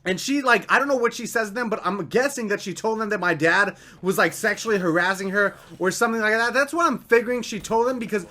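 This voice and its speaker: A young man casually telling a story, chatty and animated, filling his talk with "like" and "right?". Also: sits high, fast talker, hardly any pauses.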